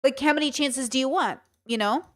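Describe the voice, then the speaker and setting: A woman's voice: high voice, fairly quick, fairly bright tone. A woman hosting a reaction stream, talking emphatically and repeating her points. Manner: emphatic, repeats herself, acts out quotes. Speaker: streamer host.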